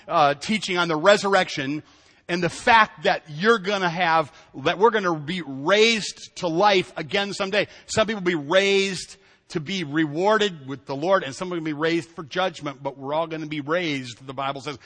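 A male pastor preaching a sermon, pitched high for a man, talking in an animated, conversational way. He jokes with the congregation and acts out little quotes. His voice rings through a church hall with a long reverb.

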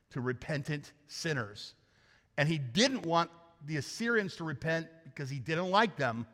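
A pastor preaching a lively sermon to his congregation, joking and acting out the characters as he goes. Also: on the high side. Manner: animated, joking, acts out characters. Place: church sanctuary. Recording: hall reverb.

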